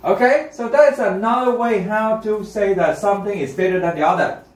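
Roomy classroom teacher, higher male voice. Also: fairly quick. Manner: checks in often with students, repetitive and encouraging. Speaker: English test teacher. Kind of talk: classroom lesson. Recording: roomy classroom, mic far off.

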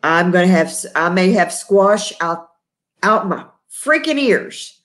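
A woman's voice: lowish voice, expressive, measured pace, fairly bright tone. A middle-aged woman with a Texan accent, chatting casually on a live stream, laughing often and greeting viewers by name. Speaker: host.

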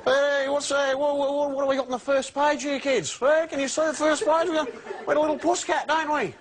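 A foul-mouthed Australian ex-con reading to kids. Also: male voice, very high voice, steady tone, brisk, a faint crowd. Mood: crude storytelling. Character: crude swearing ex-convict man, menacing yet jovial. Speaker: comedy sketch performer. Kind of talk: parody children's story reading. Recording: studio audience laughter and noise.

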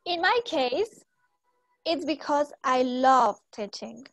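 A young woman teaches a lively English class, firing short questions at her students and explaining in Spanish now and then. Her voice sits high, and the recording is dry with little room sound. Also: slow, no echo, low-quality recording.

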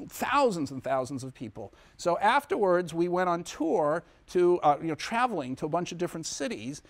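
A man lecturing a university class in a conversational way, with many asides and restarts. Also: on the high side. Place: lecture hall.

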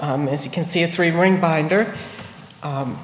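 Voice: mid-range voice, moderate pace. A committee member presenting a gift of collected notes, speaking hesitantly with fillers. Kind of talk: informal presentation. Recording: echoey hall, faint noise.

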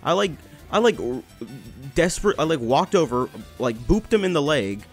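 A man's voice: a little high, very animated, normal speed, soft background music. A young man commentating his gameplay, telling a story in a rambling, swearing way with many restarts. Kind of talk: casual storytelling over gameplay.

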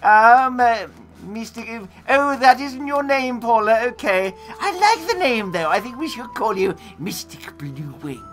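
A woman in costume, hosting a live role-play adventure and chatting playfully with viewers, swinging from hushed asides to booming announcements. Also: sing-song, measured pace, faint music behind. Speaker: costumed storyteller and game master. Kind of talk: live role-play storytelling to a streaming audience.

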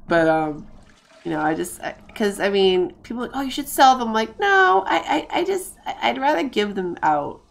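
A woman streamer talks her way through a life-sim game, chatty and rambling, circling back and restarting her sentences. Her voice sits in a middle register, with a gravelly fry running through it. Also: medium pitch, sing-song, moderate pace.

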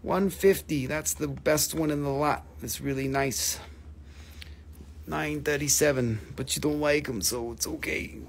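A man's voice: fairly high pitch, unhurried, vocal fry, slight background noise. A man hosting a live mineral sale in casual, joking patter, teasing his viewers and swearing now and then.

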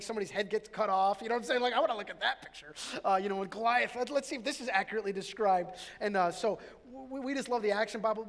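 A middle-aged man, a pastor, preaching a sermon in a conversational way, with restarts and self-deprecating jokes. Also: high voice. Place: church sanctuary. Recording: reverberant hall.

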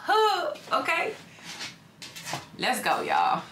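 A woman's voice: high voice, wildly swooping pitch, extremely slow, roomy sound, very noisy. A young woman hosting a reaction vlog, chatty and constantly checking in with her viewers. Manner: chatty, repeats "okay?" and "y'all" often. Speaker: reaction video host. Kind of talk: casual reaction vlog chat.

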